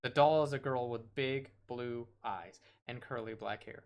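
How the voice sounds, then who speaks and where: Streamer guy reading a horror game out loud, mid pitch, wry little asides. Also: measured pace. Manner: wry asides, trips over words while reading.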